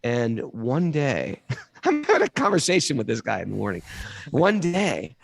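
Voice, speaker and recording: A man's voice: fairly high pitch, wildly swooping pitch, fairly quick, gravelly, breathy edge, dry recording. A middle-aged man from New York with a New York accent, telling stories in a casual, colorful way, swearing lightly and acting out the quotes. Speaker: guest storyteller. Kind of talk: casual anecdotal storytelling.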